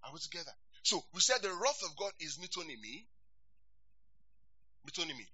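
Animated preacher man, bright sharp voice. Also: high voice, fast, breathy edge, no room sound, dull audio. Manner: animated, call-and-response with congregation. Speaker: pastor. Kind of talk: sermon.

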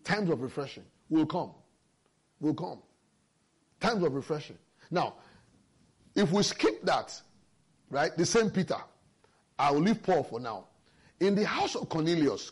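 A man's voice: fairly high pitch, slightly rough. A man preaching a sermon, explaining scripture with emphasis and personal stories. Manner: lively, emphatic Bible exposition with personal stories.

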